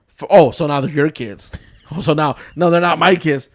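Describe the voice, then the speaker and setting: A man's voice: fairly high pitch, steady tone, normal speed, no room sound, clean studio sound. A man in his thirties hosting a casual podcast chat, joking and telling family stories, swearing freely. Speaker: podcast host.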